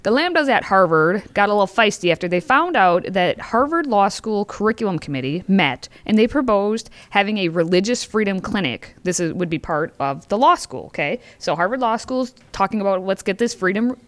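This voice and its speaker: A woman's voice: mid-range voice, lively intonation, a little fast, hardly any pauses, a bit bright. A woman hosting a casual political talk show, summarizing news items with lots of laughter and banter. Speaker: host.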